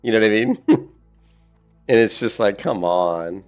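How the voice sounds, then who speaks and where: A man's voice: lowish voice, expressive, measured pace, darkish tone, clear, resonant tone, faint music behind. A middle-aged man chatting casually while streaming a game, rambling, swearing and laughing at his own stories. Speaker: gaming streamer.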